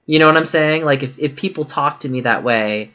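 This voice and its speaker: A man's voice: a little high, brisk, pushed and bright, dull audio. Frank, rambling male streamer. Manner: frank, rambling, with many restarts. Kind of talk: casual chat on a game stream.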